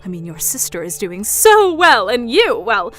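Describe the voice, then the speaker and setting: A woman's voice: a little high, sing-song, normal speed, faint music behind. A woman playing a scornful, controlling mother. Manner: mocking, belittling, pushy.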